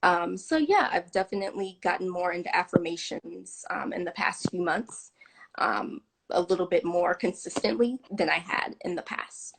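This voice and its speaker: A woman's voice: on the low side, lively intonation, normal speed, vocal fry, slight background noise. A woman in her thirties, a guest chatting on a video call, with lots of ums and frequent laughs. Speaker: interview guest. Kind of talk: casual video-call interview.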